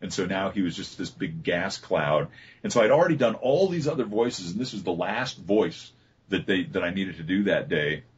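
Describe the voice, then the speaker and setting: A man, a voice actor being interviewed, telling relaxed stories about his work with many fillers and restarts. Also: low-pitched, normal speed, slightly rough. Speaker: voice actor guest. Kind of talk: casual interview talk. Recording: dull lo-fi recording.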